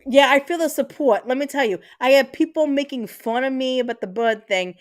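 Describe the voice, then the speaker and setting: A woman's voice: high voice, fairly quick. A woman in her thirties hosting a live stream, chatting casually and telling stories with lots of swearing. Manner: animated, profane storytelling. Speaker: livestream host.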